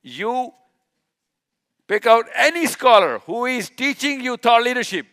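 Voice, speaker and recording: This man's voice is extremely high and animated, a bit bright, with a measured pace and frequent pauses. Lecturing live in an event hall with a slide clicker, he presses his points hard, repeats key terms, and raises rhetorical questions only to answer them.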